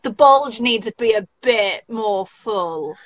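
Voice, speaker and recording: A woman's voice: fairly high pitch, animated, slow. A woman playing a tabletop game with friends, teasing and cheeky. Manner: teasing, cheeky, laughs a lot. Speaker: player.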